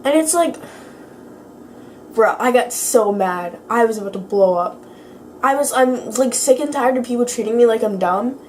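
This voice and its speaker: A teenage girl vlogging in a casual chat, her voice lowered by illness, rambling and filling her speech with "like". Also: expressive, moderate pace, darkish tone, slight background noise. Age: teens. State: sick, voice lower than usual.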